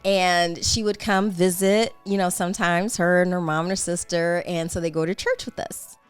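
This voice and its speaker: A woman's voice: fairly low pitch, fairly even intonation, moderate pace, clean tone, faint music behind. A woman co-hosting a podcast in casual chat, telling stories and laughing often. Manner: chatty storyteller, laughs often. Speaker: podcast co-host.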